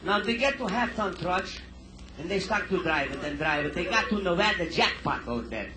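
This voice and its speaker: High-voiced man doing broken-English stand-up. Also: brisk, background noise. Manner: broken immigrant English, animated joke-telling. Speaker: stand-up comedian. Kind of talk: live stand-up storytelling. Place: live venue with audience. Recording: echoey live room recording. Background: audience laughter.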